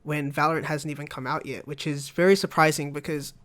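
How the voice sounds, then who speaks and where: A man's voice: on the high side, level tone, brisk, fairly bright tone. A young man co-hosting a podcast, chatting casually and rambling about video games, laughing often. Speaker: podcast co-host. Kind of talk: casual gaming chat.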